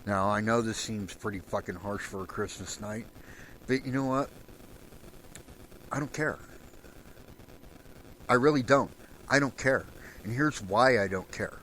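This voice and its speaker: A man hosting a solo show, delivering an angry, profane rant and raising his voice to a shout at times. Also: on the low side, unhurried, long pauses, slight background noise, rough recording. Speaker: podcast host.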